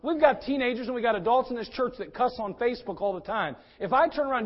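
Fiery high-voiced male preacher. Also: quick pace, few pauses, muffled recording. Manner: fiery, swings from quiet to shouting. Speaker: pastor. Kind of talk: sermon.

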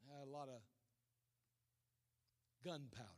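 A male preacher giving a sermon, telling a story dramatically and swinging from hushed lines to shouted ones. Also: medium pitch, slow.

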